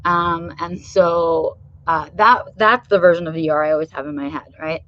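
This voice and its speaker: Candid woman livestreaming, slightly lower voice. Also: normal speed, lo-fi sound, a little hiss or hum. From New York. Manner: candid and animated, frequent "right?" and swearing. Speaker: livestream host. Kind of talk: casual livestream talk.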